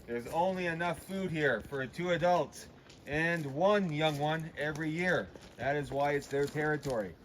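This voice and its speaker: A man's voice: fairly high pitch, normal speed, fairly bright tone. A man working as a wildlife tour guide, explaining things to his group and calling them folks. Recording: dull noisy recording with vehicle sounds.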